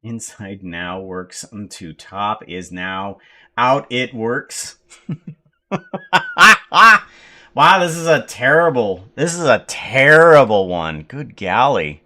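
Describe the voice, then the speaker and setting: An American man streaming live, rambling to himself in casual chatter as he tries to fix his software. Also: fairly low pitch. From United States. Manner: mutters to himself while fixing software, slow and rambling.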